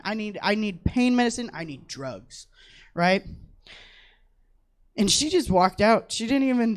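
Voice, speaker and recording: Profane young woman telling a stand-up story. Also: medium pitch. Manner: profane, animated, acts out quoted voices. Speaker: stand-up comedian. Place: comedy theater stage.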